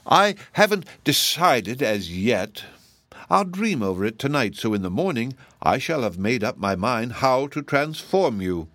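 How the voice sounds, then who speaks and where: A man's voice: mid-range voice, big pitch swings, measured pace, a bit bright, no room sound, voice pushed up. A man voicing a huge, falsely sweet giantess witch who talks in a mocking, self-assured way for a storybook reading. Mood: scornful.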